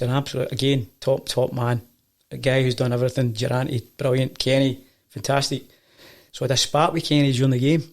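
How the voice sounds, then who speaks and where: A Scottish man and football coach telling stories in a casual chat, acting out the voices of the people he quotes. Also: mid-range voice. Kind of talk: casual storytelling.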